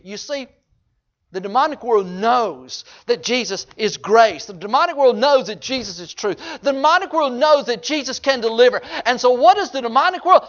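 A man preaching a sermon, swinging from hushed low asides to loud, high-pitched exhortation. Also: expressive, normal speed, muffled recording. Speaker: pastor.

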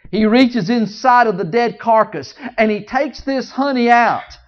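A preacher telling a Bible story in a sermon, swinging between loud, high outbursts and hushed low asides, joking with the congregation. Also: measured pace. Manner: jokes with the congregation. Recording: dull lo-fi recording.

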